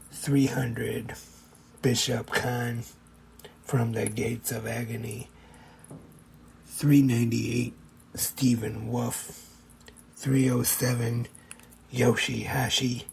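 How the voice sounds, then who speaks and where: A man's voice: medium pitch, flat delivery, very slow, vocal fry, long pauses, darkish tone, slight background noise, poor audio. A man hosting a podcast, reading out a ranked list with brief asides, and he is losing his voice a little. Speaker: podcast host.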